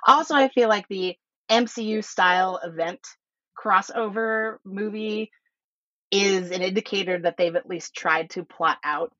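A woman's voice: mid-range voice, a little slow, sharp tone, dry recording. A woman hosting a podcast in a casual, thoughtful way, hesitating often with fillers. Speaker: podcast host. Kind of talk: casual chat. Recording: slightly dull lo-fi sound.

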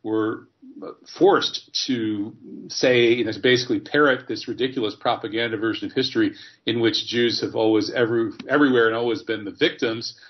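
Male host, mid-pitched, deliberate delivery with repeated words, dull low-fi sound. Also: steady tone. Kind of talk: casual conversation. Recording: dull lo-fi audio.

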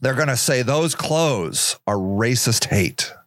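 A man's voice: mid-range voice, animated, slow, fairly bright tone, no room sound, clean studio sound. A man hosting a podcast, delivering a profane, sarcastic monologue rant with mocking put-on voices. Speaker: podcast host. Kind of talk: opinionated monologue.

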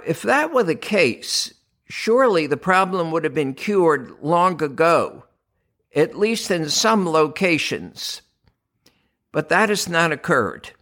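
An older American man, a doctor, hosting a religious podcast, speaking in a slow, deliberate and emphatic preaching manner. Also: on the high side, fairly bright tone. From United States. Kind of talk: scripted religious podcast talk.

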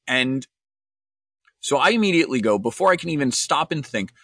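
A man's voice: mid-range voice, animated, brisk, fairly bright tone, slightly rough, no echo. A man hosting his own podcast, telling a wry story and then giving an earnest analysis in a solo monologue. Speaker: podcast host.

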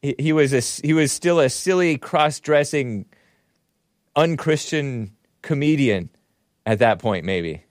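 A man's voice: mid-range voice, expressive, unhurried, no echo, studio quality. A man hosting a talk show, giving sarcastic, chuckling commentary while reading out chat comments.

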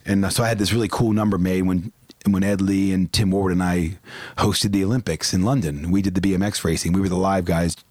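Animated man telling a funny story. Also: deep voice, fairly quick, dry recording, clean studio sound. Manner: animated storyteller, laughs at his own jokes. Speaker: guest, barbecue cook and DJ. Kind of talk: casual anecdote telling.

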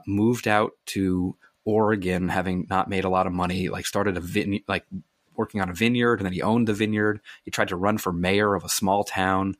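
Deep-ish guy on a podcast, guest author rattling off wild stories, dry close sound. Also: no echo. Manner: animated storyteller, quick asides and restarts. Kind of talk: conversational podcast interview.

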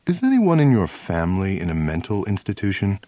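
Probing male army psychiatrist, low-pitched, cheerful and serious by turns, read by a man. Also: wildly swooping pitch, a little fast, mellow, no room sound.

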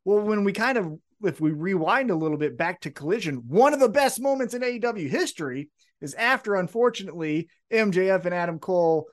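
A man co-hosting a wrestling podcast, recapping events in an excitable, profane, casual chat. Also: high-pitched, fairly quick. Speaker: podcast co-host.

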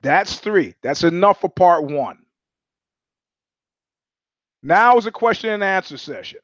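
A man's voice: high voice, expressive, a little slow, fairly bright tone, no room sound, dull audio. Blunt, profane man telling stories. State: sweating. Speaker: podcast host. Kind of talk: casual monologue.

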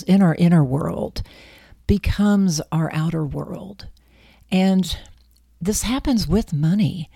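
A woman hosting her own talk as a wealth coach, speaking in a calm, measured, reflective way and drawing out her words. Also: on the low side, vocal fry, no echo, clean studio sound. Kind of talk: scripted talk to camera.

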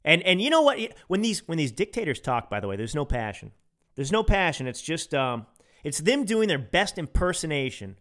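A man's voice: on the high side, sing-song, normal speed, a bit bright. A man from the United States hosting a podcast, giving emphatic, ranting political commentary and repeating phrases for effect. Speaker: podcast host.

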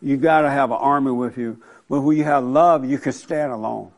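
A man's voice: medium pitch, normal speed. A man leading a casual group discussion, speaking in an encouraging, preacher-like way. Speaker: group leader.

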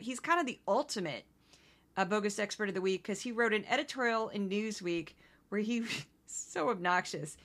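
A woman from Missouri hosting a solo news-commentary podcast, talking in an indignant, conversational way with quick asides. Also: medium pitch, fairly bright tone. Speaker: podcast host.

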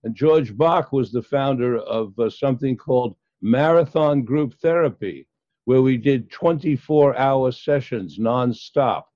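An older man, a psychologist guest, recounting his past in an interview with many pauses and fillers. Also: medium pitch, no echo. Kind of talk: storytelling in an interview. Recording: dull, dry lo-fi sound.

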